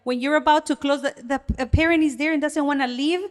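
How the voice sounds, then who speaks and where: A woman co-hosting a casual podcast, her voice sitting a bit high. She talks earnestly and with energy, often restarting her sentences as she works out what she means. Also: fast talker. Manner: earnest, animated, many restarts. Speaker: podcast co-host.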